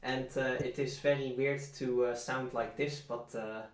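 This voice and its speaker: A man from the Netherlands chatting casually, halting with frequent uhs. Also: medium pitch, fairly even intonation, roomy sound. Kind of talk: casual chat.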